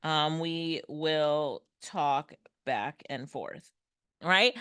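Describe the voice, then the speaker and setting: A woman's voice: low voice, very slow, a bit bright, clear, resonant tone, no echo, clean studio sound. Upbeat woman teaching a tech class. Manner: upbeat, laughs often. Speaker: workshop presenter. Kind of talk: online tech lesson. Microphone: headset or desk mic, video call.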